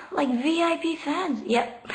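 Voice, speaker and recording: A woman in a casual late-night livestream from home, talking into her laptop while sitting on the floor, chatty and giggly as she reads out viewer questions and answers them. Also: high-pitched. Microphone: laptop microphone.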